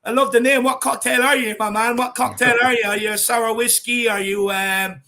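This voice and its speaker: A man with an Irish accent co-hosting a fan show, chatting casually and reading out viewer comments with shout-outs. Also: very high-pitched, fairly even intonation, a little fast. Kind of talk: casual live-stream chat.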